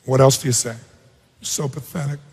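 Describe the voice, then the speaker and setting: A man coaching a participant on stage at a live seminar, firing rapid, blunt and sometimes profane questions at her and the crowd. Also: mid-range voice, steady tone, darkish tone, husky. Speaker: self-help speaker coaching a participant on stage. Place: large auditorium. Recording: long reverb of a big hall.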